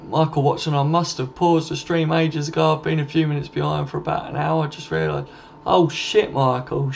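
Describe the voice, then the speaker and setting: Gravelly man chatting on a live stream. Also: on the high side, a little mellow. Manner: reads viewer comments aloud and answers them, swearing freely. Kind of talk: casual late-night live-stream chat. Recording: dull lo-fi stream audio with faint noise.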